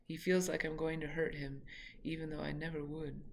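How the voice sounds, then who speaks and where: Creaky-voiced woman reading her memoir. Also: low voice, little pitch movement, a little hiss or hum. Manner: reflective, halting, self-correcting.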